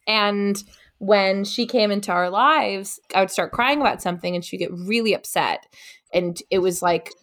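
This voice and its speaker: A woman's voice: on the low side, fairly bright tone. A woman co-hosting a podcast, telling a candid personal story in casual conversation and laughing often.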